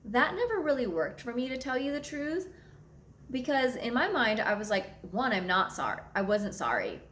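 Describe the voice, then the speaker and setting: A woman's voice: a little high, big pitch swings, moderate pace, fairly bright tone, roomy sound, slight background noise. A young adult woman astrologer telling a personal story to her viewers in a candid, blunt way, swearing freely. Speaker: astrologer and channel host.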